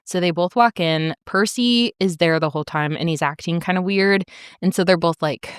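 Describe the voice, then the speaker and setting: A woman's voice: on the low side, moderate pace, clean tone, dry recording, clean studio sound. A woman co-hosting a podcast, casually retelling a TV plot, acting out lines and laughing often. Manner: animated storytelling, acts out characters' lines, laughs often, swears. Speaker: podcast co-host. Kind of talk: casual chat recapping a show.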